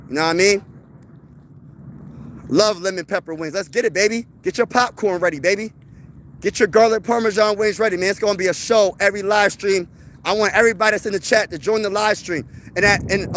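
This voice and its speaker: A man's voice: high-pitched, a bit bright, slight background noise. A man hosting a sports fan live stream, talking in a boastful, hyped-up trash-talk manner.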